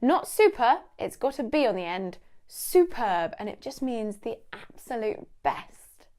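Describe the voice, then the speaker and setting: A woman's voice: fairly high pitch, big pitch swings, measured pace, darkish tone. A young British woman teaching English vocabulary in a casual, playful way, laughing often.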